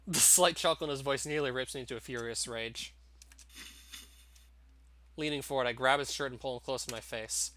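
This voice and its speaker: A man's voice: medium pitch, quick pace, pushed and bright. A man reading a visual novel aloud in a dramatic first-person narration. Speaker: game narrator, YouTuber.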